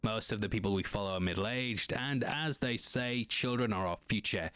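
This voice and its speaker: A man giving a scripted, measured narration breaking down a TV episode scene by scene. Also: on the low side, bright, forceful tone, clean tone, dry recording. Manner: measured, analytical.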